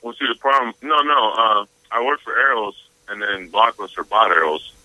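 A man's voice: on the low side, lively intonation, moderate pace, no echo, muffled recording. A man co-hosting by phone in casual chat, telling stories in a rambling, hesitant way full of fillers. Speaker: co-host calling in by phone.

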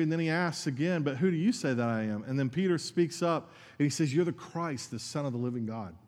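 A man's voice: a little high, long reverb tail. A man preaching a sermon as pastor, earnest and conversational, with asides to his congregation.

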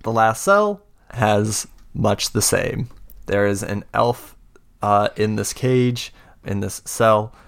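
A man narrating as game master of a tabletop game, halting and full of fillers. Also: on the low side, creaky, clear, resonant tone.

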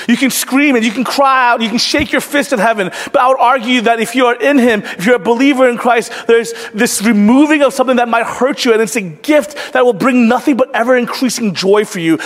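Earnest high-voiced pastor in a reverberant hall. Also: male voice, brisk. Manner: conversational storytelling, earnest, drops to soft hush. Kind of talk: sermon.

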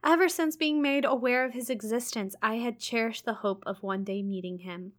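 A woman's voice: a little high, moderate pace. A woman reading a classic first-person novel aloud expressively, with casual amused asides between passages. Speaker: reader.

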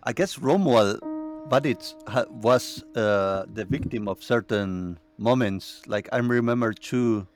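A man reminiscing about a music workshop in a measured, reflective way with some hesitations. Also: mid-range voice. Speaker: musician recalling past workshop. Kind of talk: casual conversational reminiscing.

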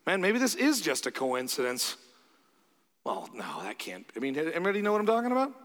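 A man's voice: fairly high pitch, fairly quick. Man preaching in a reverberant hall. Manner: conversational, animated, acts out quoted voices. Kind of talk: sermon.

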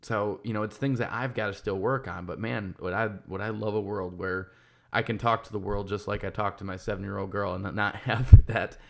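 A podcast host and business owner in his thirties talks casually and candidly, swearing freely and restarting sentences as he thinks aloud. His voice is fairly low, steady, gravelly, and a bit bright, with a fairly quick pace.

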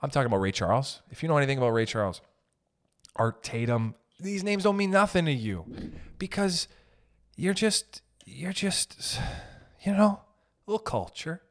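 A man ranting casually as a podcast host, profane and animated, swinging between loud bursts and muttered asides. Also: on the high side, normal speed. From raised in an Italian family. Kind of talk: casual comedic rant.

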